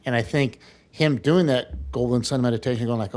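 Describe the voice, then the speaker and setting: A man's voice: medium pitch, fairly quick, darkish tone. A man co-hosting a podcast in casual chat, reflective and affirming, chiming in with short agreements. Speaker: podcast co-host. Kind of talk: casual conversation.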